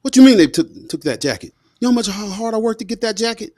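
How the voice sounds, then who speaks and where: A man voicing a stern, hard-working mother who scolds her son with sharp questions. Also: high-pitched, wildly swooping pitch, fast, slightly rough, dry recording, clean studio sound, pitched above the performer's own voice, full character voice. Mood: scolding.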